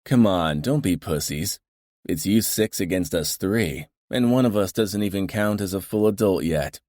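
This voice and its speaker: Man voicing a menacing mafia consigliere, deep, dry, gleeful, audiobook. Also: normal speed, darkish tone, dry recording, close to an everyday voice. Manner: dry, menacing, mock-regretful.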